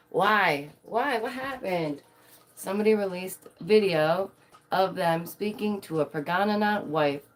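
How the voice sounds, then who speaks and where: Bubbly woman vlogger, slightly low-pitched, giggles often, dramatic acted-out quotes. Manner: dramatic, puts on voices for quotes. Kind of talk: casual chat to viewers.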